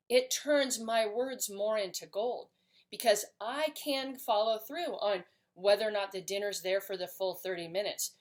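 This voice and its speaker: A woman giving an earnest, explanatory talk to camera as a parenting educator, sometimes restarting a phrase. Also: mid-range voice.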